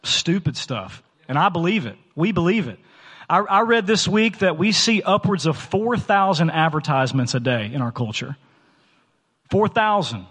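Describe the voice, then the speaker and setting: A thirty-something pastor delivers a sermon in a church sanctuary, his fairly high, rather bright voice trailing a long reverb. His delivery is earnest and conversational, with plenty of fillers and restarts.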